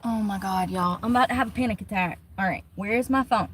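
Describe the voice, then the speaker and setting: A woman's voice: medium pitch, fast. A young woman, rambling and swearing freely as she livestreams from a phone around her vehicle. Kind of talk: casual livestream chat. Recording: vehicle noise behind voice.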